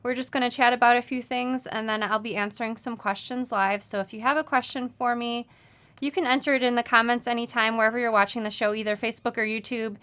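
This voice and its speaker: A woman's voice: a little high, steady tone, fast talker, fairly bright tone. A woman hosting a casual live sewing chat, talking in a chatty, friendly way with many fillers. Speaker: sewing show host. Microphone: mic moved during the show, distant at first. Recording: sounds distant from the mic at first.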